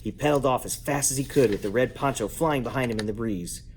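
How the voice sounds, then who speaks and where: A man reading a children's book aloud at bedtime at home, lively and playful, jumping up in pitch to give each character a voice. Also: fast talker, slight background noise. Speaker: parent reading a bedtime story. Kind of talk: bedtime story read-aloud.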